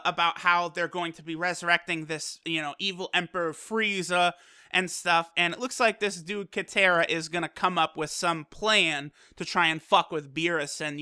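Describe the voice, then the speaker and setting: Hyped, profane anime episode reviewer, loose and casual, with a clear bright tone. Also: medium pitch. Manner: excitable and profane, with loose fillers.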